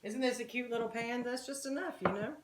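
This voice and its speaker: Talking briskly in a fairly high voice, this home cooking channel host chats with her viewers, addressing them as "guys" and "y'all" as she guides them through a recipe. The roomy home kitchen gives an echo, and the background is noisy.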